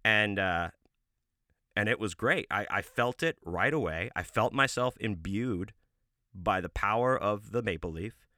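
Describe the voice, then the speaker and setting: A man hosting his own podcast, telling a comic story in a deadpan, mock-serious way and drawing out words for emphasis. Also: on the low side, a little slow, dry recording, clean studio sound. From United States. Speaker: podcast host.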